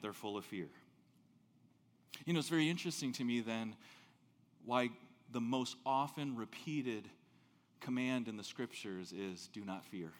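A man preaching a sermon as pastor, telling stories with big swings between loud and soft. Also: big-room sound. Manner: animated storytelling, big swings in pitch and loudness.

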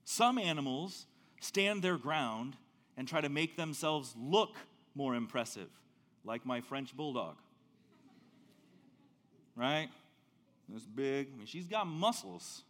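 A man preaching a sermon as pastor, telling stories with big swings between loud and soft. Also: slow, pauses often, in a large hall. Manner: animated storytelling, big swings in pitch and loudness.

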